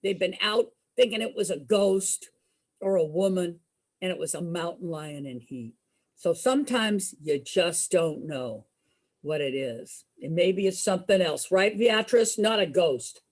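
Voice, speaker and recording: A woman's voice: on the low side, lively intonation, a little slow. A woman entertainer telling a spooky story to an audience dramatically, asking them questions as she goes.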